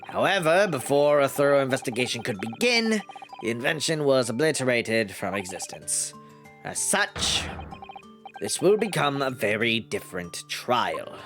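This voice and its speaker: A man putting on a haughty, deliberate voice for a stern prosecutor in a courtroom game. his pitch moves a lot as he reads, with faint music behind. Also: sing-song, a bit bright.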